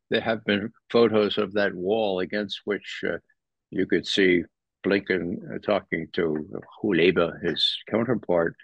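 A man commenting as a guest in an interview, animated and sardonic, rising sharply in pitch when he stresses a point. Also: unhurried, vocal fry, breathy edge, dry recording. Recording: dull lo-fi dry sound.

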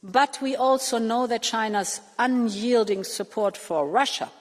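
A woman politician giving a formal, deliberate speech. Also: fairly high pitch, long reverb tail.

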